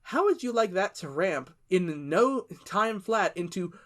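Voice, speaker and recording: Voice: mid-range voice, animated, a little slow, a bit bright. A young adult podcast co-host in casual chat, sarcastically recapping a movie and acting out the characters' lines.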